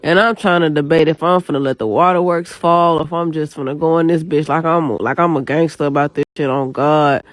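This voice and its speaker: A young woman telling a personal story in casual, animated, slang-heavy talk. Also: deep voice, brisk, hardly any pauses, dry recording.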